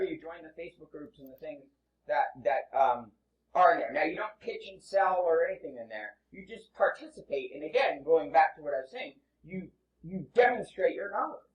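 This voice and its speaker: A man from the New York and New Jersey area giving an energetic, joking motivational talk to a live audience at an event. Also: sits high. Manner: energetic, joking, crowd-prodding. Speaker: conference speaker. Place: large event hall with audience. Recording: echoey hall, distant dull mic.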